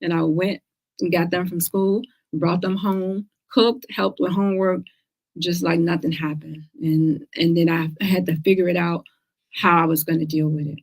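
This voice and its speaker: A woman's voice: on the low side, level tone, normal speed, a little mellow. Emphatic woman host. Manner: earnest, emphatic, repeats words when stressing a point. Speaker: host of a cancer talk show. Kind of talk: casual livestream talk.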